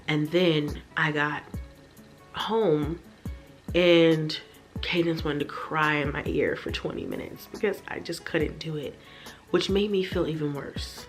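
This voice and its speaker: A tired young mother venting candidly to her viewers from her bedroom, swearing freely and talking straight to the audience. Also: low voice. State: tired and stressed. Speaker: vlogger, mother. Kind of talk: casual talk to camera.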